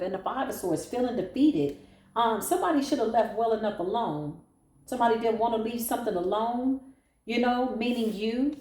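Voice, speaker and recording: A sassy woman reads tarot cards and talks straight to her listener. Her delivery is blunt and slangy. Her voice is mellow and darker in tone, and it sits in an echoey room. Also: on the high side. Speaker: tarot reader. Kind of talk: casual tarot reading monologue.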